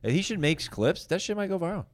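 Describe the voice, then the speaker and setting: A man's voice: high voice, sing-song, fast, no room sound. A man hosting a podcast, rambling loosely in casual chat and tripping over his words. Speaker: comedian podcast host.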